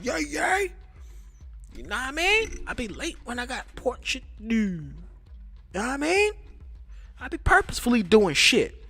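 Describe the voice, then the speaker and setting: A man putting on a loud, boastful caricature of a male streamer, shouting in exaggerated slang. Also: extremely high pitch, pitched above the performer's own voice, exaggerated voice.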